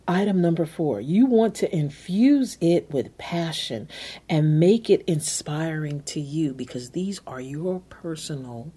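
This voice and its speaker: Woman podcast host giving self-help tips, low husky voice, walks you through steps. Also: mellow. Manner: coaching, step-by-step, repeats key phrases. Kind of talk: motivational self-help talk.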